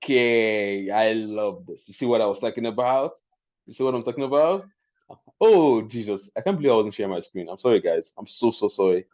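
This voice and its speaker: A man with a Nigerian accent hosting a live webinar, chatty and excitable, often laughing as he teaches. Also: fairly low pitch, brisk, muffled recording. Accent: Nigerian English. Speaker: webinar host.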